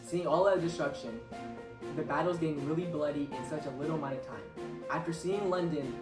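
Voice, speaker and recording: A man's voice: on the high side, a little fast. A man reading a scripted mock newscast as the anchor, in a read-aloud style. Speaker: news anchor. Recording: echoey room, mic at a distance, music behind.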